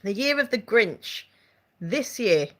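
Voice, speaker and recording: Chatting with her live viewers, this channel host reads their comments aloud and giggles frequently. Her mid-range voice is animated and fairly bright, and she takes it slowly.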